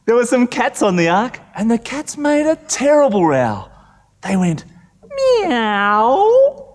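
A man telling a story to children in an animated, inviting way, doing animal sounds. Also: very high-pitched, moderate pace, slight background noise. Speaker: children's entertainer.

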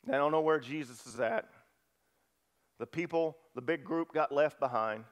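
Animated high-voiced male preacher. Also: moderate pace. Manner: animated storytelling, acting out disciples' lines, swings loud to hushed. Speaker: pastor. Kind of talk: sermon.

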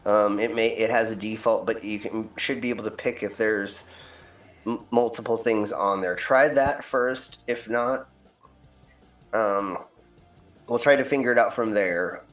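A man's voice: on the low side, steady tone, a little slow. A man hosting a game stream in casual chat, rambling with plenty of ums and uhs. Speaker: stream host. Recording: roomy echo, faint music.

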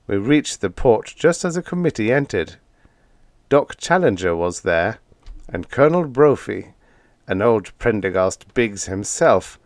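A man narrating a comic story in the first person, expressive and even-paced. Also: lowish voice, unhurried, no echo. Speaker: audiobook narrator.

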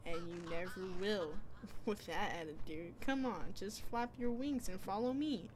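A woman's voice: medium pitch, measured pace, background noise, close to an everyday voice. A woman reading as a smug teasing crow. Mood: mocking. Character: smug teasing crow, cocky street bird. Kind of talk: reading game dialogue aloud.

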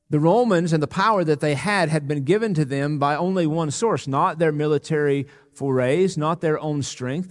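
A man preaching a sermon as pastor, earnest and emphatic, slowing down on key words. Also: fairly high pitch. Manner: earnest, emphatic preaching with slow, weighty pauses. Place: church sanctuary. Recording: long reverb of a church hall.

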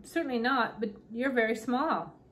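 A woman's voice: on the high side, moderate pace, fairly bright tone, natural voice. A woman reading aloud and voicing a polite, curious young girl in a slightly raised voice. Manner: polite and wondering.

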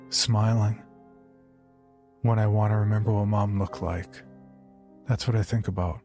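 A man narrating a horror story in a quiet, halting, subdued first-person voice. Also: mid-range voice, slightly rough, no room sound.

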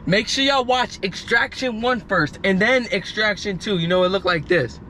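High-voiced young man rambling in a car. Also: normal speed, bright, forceful tone, a little hiss or hum. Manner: loose, slangy, rambling storytelling. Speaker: vlogger. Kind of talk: casual rambling chat. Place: parked car outdoors.

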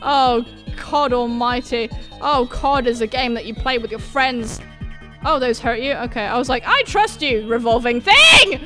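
A woman doing excitable, self-mocking let's-play commentary, swearing and yelping as she plays. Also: a little high, moderate pace, soft background music. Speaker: gaming YouTuber.

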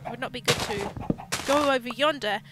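A woman's voice: a little high, a little fast, very noisy. A woman hosting a video game let's play with casual, playful commentary, now and then slipping into mock pirate talk. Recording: loud background music.

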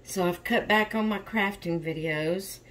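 A woman's voice: mid-range voice, a little slow, a bit bright, slight background noise. A woman hosting a doll vlog in casual chat, tired and yawning, rambling openly about her stress. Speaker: reborn doll channel host.

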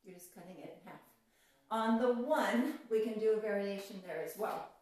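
Leading a belly dance class online, a woman keeps up friendly, encouraging chatter and calls out the step counts. She speaks at a moderate pace in a mid-range voice with a darkish tone. Faint music sits under her distant voice, which echoes around the room.

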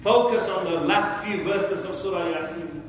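A man's voice: sits high, moderate pace, a little hiss or hum. A man, an imam delivering an impassioned, emotional sermon in a mosque hall. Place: large mosque prayer hall. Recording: echoey hall from far off.

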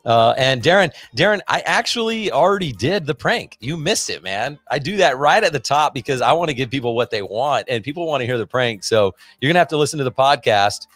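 A middle-aged man hosts his own podcast and gives listeners an energetic, salesy pep talk, scattering fillers as he goes. His voice sits in an ordinary middle pitch. It is recorded dry and close on a podcast mic, with faint music underneath. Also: brisk, few pauses, no room sound. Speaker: podcast host. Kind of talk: casual podcast monologue. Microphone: podcast microphone.

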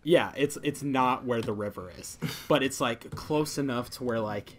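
Animated young man telling a story. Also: medium pitch, normal speed. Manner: animated, laughing, many fillers. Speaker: podcast host. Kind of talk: casual storytelling chat.

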